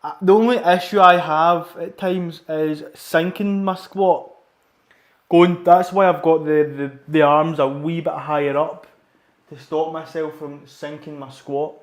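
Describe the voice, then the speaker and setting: A man's voice: fairly high pitch, fairly even intonation, a little slow, echoey room. A Scottish man chatting casually and rambling while training in a gym, swearing often and repeating himself. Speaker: livestreaming gym-goer.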